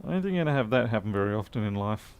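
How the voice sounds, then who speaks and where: On the low side but with lively intonation, this Australian man talks very fast and smoothly while doing repairs on a live stream. He's chatty and dry-humoured, fielding questions from viewers.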